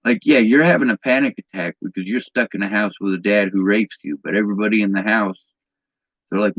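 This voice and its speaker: A man's voice: lowish voice, a little fast, no room sound. Guy ranting bitterly into a lo-fi mic, dry dull sound, swears a lot. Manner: bitter, agitated, swears often. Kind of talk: angry personal vlog rant.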